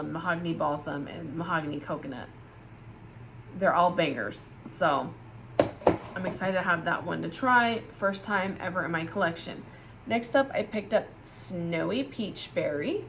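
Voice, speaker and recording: A woman with a slightly low voice reviews candles in a relaxed vlog. She sounds tired and yawns now and then, but stays chatty and full of praise. There is faint background noise. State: tired, yawning. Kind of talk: casual product review vlog.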